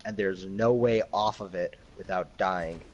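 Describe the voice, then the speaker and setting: A man's voice: low voice, a little slow, lo-fi sound. A man casting a live esports match with laid-back, dry joking commentary.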